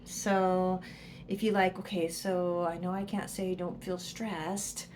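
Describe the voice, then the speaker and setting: Woman presenter, casual educational talk, slow deliberate pace, faint room hiss, whispers the inner voice. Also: lowish voice, little pitch movement, darkish tone. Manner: explains with examples, drops to whispers for inner voice. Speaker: psychologist and presenter.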